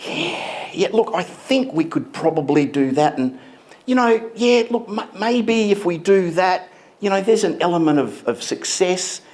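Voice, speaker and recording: A man's voice: high voice, animated, unhurried, darkish tone, voice pushed up. A man voicing a hesitant, noncommittal male doctor who rambles vaguely with fillers. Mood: unsure.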